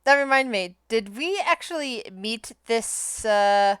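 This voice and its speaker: A woman playing a tabletop player, clear voice. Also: on the high side, expressive, slow, fairly bright tone, dry recording. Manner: stammers on restarts. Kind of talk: tabletop game play, in and out of character.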